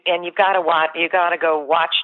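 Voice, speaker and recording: A woman with a lowish voice tells a story on a podcast, speaking a little fast in a level tone. She's a guest author and leadership coach, earnest and emotional, and she keeps restarting her sentences. The sound is a tinny, dry phone line with no room sound.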